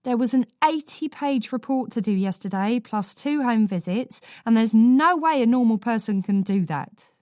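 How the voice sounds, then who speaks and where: A woman reading a first-person thriller audiobook in a measured, dry storytelling manner. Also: on the high side, lively intonation, a little mellow, no room sound. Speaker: audiobook narrator.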